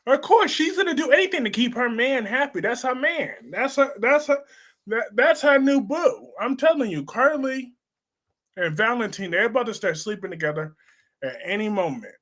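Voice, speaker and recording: A man hosting a live stream, reading viewer comments and reacting in a sassy, blunt, animated way. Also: very high voice, moderate pace. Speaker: host of a live soap opera discussion stream.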